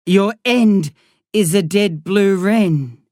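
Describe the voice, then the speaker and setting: Woman reading a calm, mysterious quiet boy. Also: mid-range voice, dry recording, studio quality, lightly acted. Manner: slow, calm, deliberate. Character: calm, mysterious teenage boy speaking rarely.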